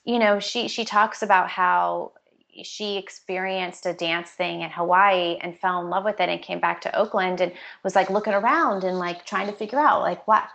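A woman's voice: fairly low pitch, steady tone, normal speed, gravelly. Earnest woman speaking coach, chatty. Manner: warm-hearted, earnest, lots of "like" and "you know" fillers. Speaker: public speaking trainer, guest. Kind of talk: casual conversational interview.

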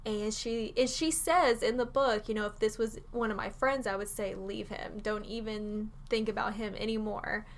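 A woman's voice: medium pitch, fairly even intonation, normal speed, few pauses. A woman with a Texan accent co-hosting a podcast, chatting casually and laughing easily. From Southern United States. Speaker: podcast co-host. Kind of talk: casual chat. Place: library.

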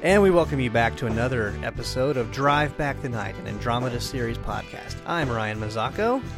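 A man hosting a podcast in casual chat, easygoing and relaxed. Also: mid-range voice, fairly quick, music in the background. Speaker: podcast host.

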